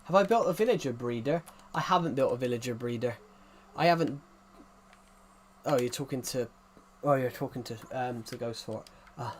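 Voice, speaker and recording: A man's voice: medium pitch, moderate pace, a little hiss or hum. A man chatting casually to viewers on a live game stream, rambling and repeating his phrases as he talks. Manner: talks directly to viewers as "guys". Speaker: gaming streamer.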